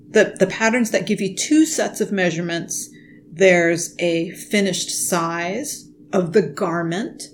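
Woman podcast host, measured and unhurried, patient explainer, faint room hum behind. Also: lowish voice. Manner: explains slowly and methodically. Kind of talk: casual podcast chat. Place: at home with pets nearby.

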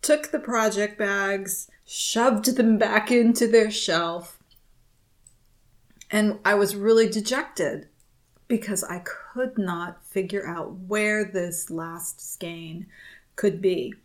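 Co-hosting a knitting podcast, a woman with a medium-pitched voice talks slowly in casual chat. Her story is chatty and full of laughter.

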